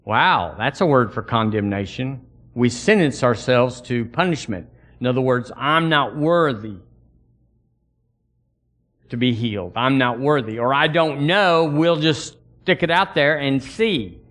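A man's voice: mid-range voice, expressive, a little slow, fairly bright tone. A man preaching a sermon in a folksy, emphatic way, speaking straight to his congregation and asking them to repeat after him.

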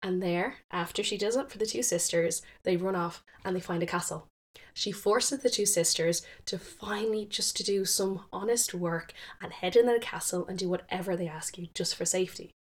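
A woman's voice: fairly low pitch, moderate pace. Give me a chatty woman retelling a folktale. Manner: chatty, with fillers and self-corrections. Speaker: storyteller.

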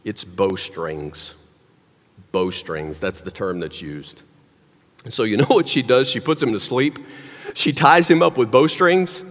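A man's voice: mid-range voice, expressive, normal speed, fairly bright tone. A man preaching a sermon, telling a story animatedly with wry, joking asides. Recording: long hall reverb.

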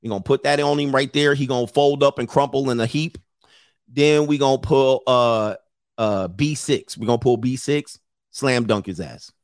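Animated profane man giving blunt advice. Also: medium pitch, normal speed, dry recording, clean studio sound. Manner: animated, profane, mimics others in raised voices. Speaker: podcast host giving advice. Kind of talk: casual advice talk.

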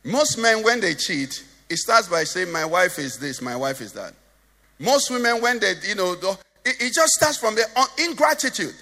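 A man's voice: high voice, very animated, normal speed, sharp tone, in a large hall. A Nigerian man preaching a sermon as pastor, joking and asking the congregation questions. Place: church hall.

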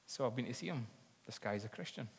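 Husky preacher in a reverberant hall. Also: male voice, mid-range voice, lively intonation, quick pace. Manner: earnest storytelling, building to fervent appeals. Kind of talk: sermon.

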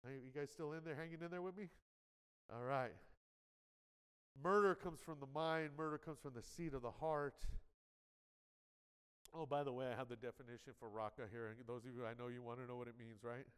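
A man's voice: medium pitch, fairly quick, long pauses, smooth. A male pastor preaching a conversational sermon, often asking "amen" and acting out quoted inner voices. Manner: conversational preaching with frequent "amen" and audience check-ins; acts out quoted inner voices with dramatic shifts in loudness. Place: church sanctuary. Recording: live sermon in a large reverberant church hall.

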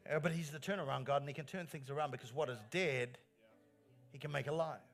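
A man's voice: fairly high pitch, fairly even intonation, fast, fairly bright tone, faint music behind. A male pastor delivering an earnest sermon in a church, stressing lines by repeating them. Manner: earnest preaching with rising emphatic phrases and repeated lines.

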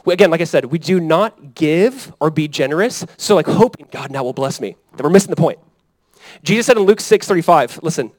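Animated pastor in his thirties, dry sound. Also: fairly high pitch, a little fast, dry recording, low-quality recording. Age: 30s. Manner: conversational, animated preaching with frequent "right?" and "Amen?". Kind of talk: sermon.

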